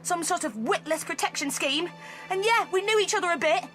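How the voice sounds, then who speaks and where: A woman's voice: very high-pitched, brisk, fairly bright tone, soft background music. An actress playing a brash, feisty young woman from Earth who speaks in a sarcastic way, in an audio drama. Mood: insistent.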